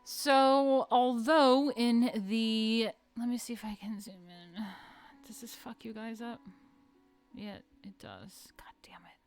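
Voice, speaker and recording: A woman's voice: a little high, steady tone, slow, clean tone, faint music behind. A woman hosting a casual art history lecture, chatty and swearing, often drifting into asides. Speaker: host.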